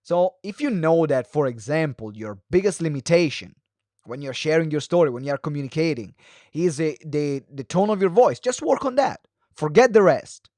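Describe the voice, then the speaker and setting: Male speaking coach, webinar; higher pitch, talks fast with restarts, varies pace for effect, gestures as he speaks. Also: expressive, mellow, no room sound, clean studio sound. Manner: frequent fillers and restarts; moves hands and head while talking. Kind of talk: live webinar teaching.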